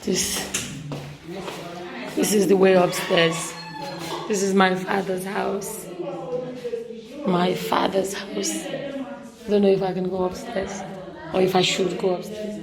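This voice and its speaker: A woman's voice: mid-range voice, takes it slowly, vocal fry, long pauses, crowd noise. A young Nigerian woman vlogging a casual tour of a village house, talking with a Nigerian accent, mixing Igbo and English and exclaiming often.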